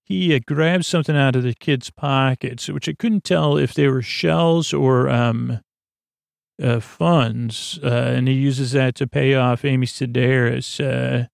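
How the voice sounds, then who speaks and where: A man rambling through a deadpan comedic recap of a TV episode, halting often with fillers and restarts. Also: medium pitch, vocal fry, dry recording, clean studio sound. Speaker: podcast host recapping an episode.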